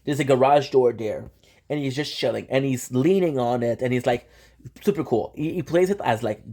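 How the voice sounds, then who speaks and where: A young man hosting his channel, excitedly recapping an anime in casual slang, with lots of restarts and swearing. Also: medium pitch, brisk. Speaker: channel host.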